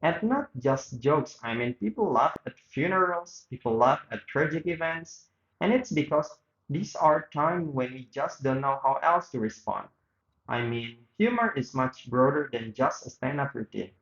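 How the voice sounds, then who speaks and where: In a reverberant, muffled recording, a man reenacts a radio interview by reading both sides aloud, making small slips and restarts. He's a student with a mid-range, expressive, slightly bright voice, speaking a little slowly.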